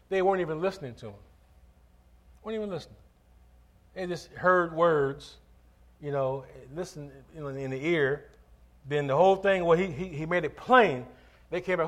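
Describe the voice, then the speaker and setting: A man's voice: fairly high pitch, animated, normal speed, pauses often, a bit bright. Preacher guy, voice jumps all over, keeps asking for amens, chatty asides. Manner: call-and-response preaching, asks for amens; conversational asides and storytelling. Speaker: pastor. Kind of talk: sermon.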